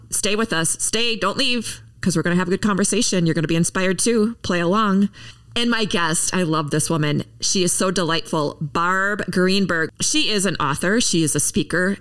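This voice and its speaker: A woman's voice: fairly low pitch, a bit bright, far from the mic. A woman hosting a podcast, talking to her listeners in a chatty, encouraging way. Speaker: podcast host. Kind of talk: upbeat podcast intro monologue.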